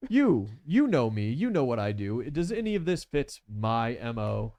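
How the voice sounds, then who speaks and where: A man doing Gentle Criminal, a grand polite villain. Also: medium pitch, very animated, moderate pace. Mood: innocent. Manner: formal, courteous, grandly polite.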